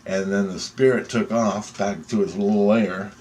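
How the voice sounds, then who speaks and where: Man, very low voice, rambling dream story, excitable, swears a lot, faint background hiss. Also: moderate pace. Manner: excitable, profane, rambling with restarts.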